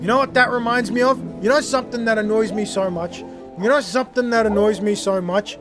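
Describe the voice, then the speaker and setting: A young man streaming a game, chatting casually and rambling, often getting worked up and loud. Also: high voice, brisk. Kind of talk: casual livestream gaming chat. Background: game music.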